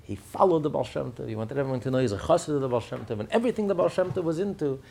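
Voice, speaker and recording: A man gives a Torah lesson with a husky, gravelly voice. His pitch swings widely as he tells the story and asks rhetorical questions. He acts out every quoted speaker as he goes. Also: animated, rapid-fire, darkish tone. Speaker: rabbi teaching. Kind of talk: Torah class.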